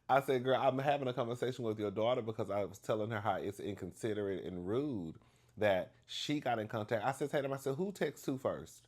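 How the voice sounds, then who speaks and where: A man telling a story to the camera in a chatty, animated way, acting out the dialogue with big emphasis and calling the listener "girl". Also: mid-range voice, fairly quick. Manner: acts out dialogue with exaggerated emphasis.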